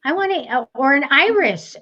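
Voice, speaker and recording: A woman's voice: sits high, expressive, moderate pace, pushed and bright. Chatty woman with a dull, muffled sound. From United States. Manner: chatty, rambling, laughs often. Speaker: psychic show co-host. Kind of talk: casual chat.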